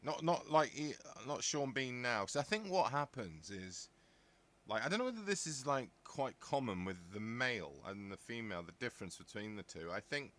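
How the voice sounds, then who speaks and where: Bloke in his fifties rambling on a podcast, bright punchy voice, lots of jokey asides. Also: medium pitch, sing-song, moderate pace. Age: 50s. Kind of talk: casual chat.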